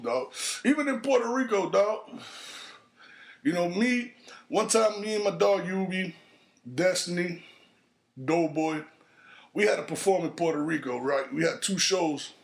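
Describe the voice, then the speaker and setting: With a gravelly voice, the man hosting this podcast recounts a crude story from the street, swearing casually throughout and raising his pitch to play the characters he quotes.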